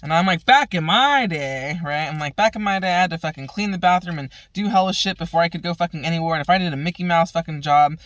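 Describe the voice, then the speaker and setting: A woman's voice: sits low, fairly even intonation, rapid-fire, hardly any pauses, no echo. A woman vlogger telling a long casual story, swearing constantly, retelling conversations with "I'm like" and laughing at her own lines. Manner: profane, rambling, retells talks with "I'm like".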